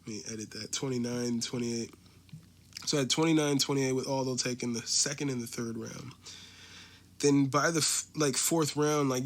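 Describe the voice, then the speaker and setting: A man's voice: medium pitch, a bit bright. A man hosting a casual solo podcast, recapping fights round by round in a loose, profane way full of "like" and fillers. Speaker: podcast host.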